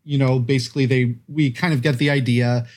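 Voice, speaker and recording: Male co-host, mid-pitched, rambling recap with plenty of hedging. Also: fairly even intonation, brisk. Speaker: podcast co-host. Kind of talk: casual gaming chat.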